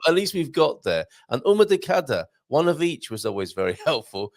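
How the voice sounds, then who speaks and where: Male morning-show host, gravelly voice, animated delivery, chummy and encouraging. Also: on the high side, brisk. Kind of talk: casual morning show chat.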